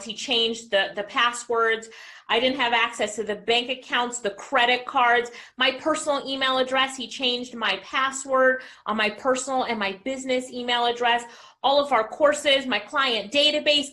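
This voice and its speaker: A woman business coach giving an energetic motivational talk and asking the audience questions. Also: on the high side.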